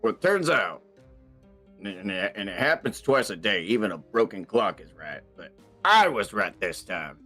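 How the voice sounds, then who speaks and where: A man playing in a tabletop role-playing game, excitable and loud in casual banter. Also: lowish voice, moderate pace, faint music behind. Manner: loud, excitable, shouts and laughs often. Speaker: player.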